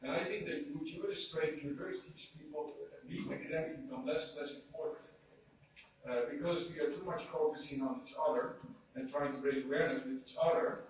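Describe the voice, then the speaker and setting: Economist answering in an echoey hall. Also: male voice, fairly high pitch, steady tone, a little fast, a little hiss or hum. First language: Dutch. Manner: hesitant, repeats words while thinking. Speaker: conference panelist, economist. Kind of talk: panel discussion answer. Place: conference hall. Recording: echoey hall, speaker far from mic.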